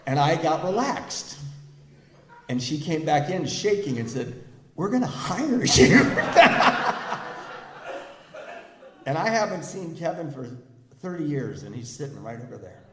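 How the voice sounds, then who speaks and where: A middle-aged American man with a fairly high, animated voice speaks at a normal speed as a guest at a recovery meeting. He tells his own story to a live audience, acts out the people in it, and laughs often. The echoey meeting hall carries faint ambience and crowd noise.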